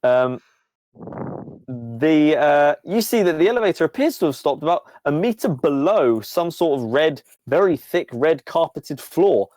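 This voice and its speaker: A man's voice: a little high, animated, unhurried, darkish tone, no echo. Playful male game master, dry sound. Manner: rambling, playful, many fillers. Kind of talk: narrating a tabletop game.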